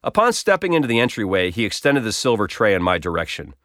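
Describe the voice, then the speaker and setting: A man's voice: lowish voice, very animated, quick pace, a bit bright, dry recording, studio quality. Wry man telling a personal story. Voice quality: wry, self-deprecating, conversational. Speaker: blog storyteller.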